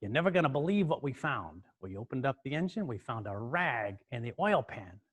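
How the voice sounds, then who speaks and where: A man's voice: medium pitch, big pitch swings, brisk, a bit bright, husky, in a large hall. A man voicing a shrewd, theatrical middle-aged mechanic with a New York accent, pushy and fond of leading questions. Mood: excited. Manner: pushy, leading questions, repeats the listener's name.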